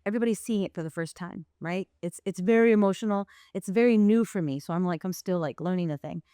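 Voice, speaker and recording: Animated woman telling a family story. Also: fairly low pitch, fast talker, clean tone, dry recording, clean studio sound. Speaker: podcast guest, playwright and performer. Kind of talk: casual storytelling in a podcast interview.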